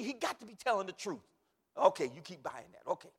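A male pastor preaching a sermon, swinging from hushed asides to shouted calls. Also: sits high, sing-song, fairly quick, vocal fry, breathy edge, in a large hall.

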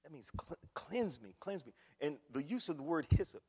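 A man preaching a sermon, swinging between hushed pleading and loud cries. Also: a little high, big pitch swings, normal speed, husky. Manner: impassioned, swings from hushed to shouting. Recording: long hall reverb.

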